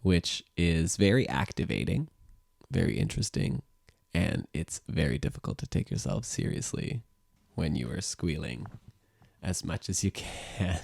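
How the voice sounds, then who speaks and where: A man with a very deep, gravelly voice leads a voice-exercise session as a sound therapist. He talks in an easygoing, meandering way, leaning on fillers as he explains. The sound is dry and close, with almost no room around it. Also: very animated, unhurried, darkish tone, dry recording. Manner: easygoing, rambling, filler-heavy. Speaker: music teacher and sound therapist. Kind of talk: guiding a voice exercise.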